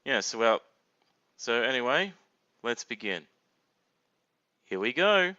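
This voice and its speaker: A man's voice: mid-range voice, big pitch swings, slow, bright, forceful tone, dry recording, lo-fi sound. A man giving casual blind reaction commentary, chatting and laughing aloud as he watches. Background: cartoon audio playing faintly.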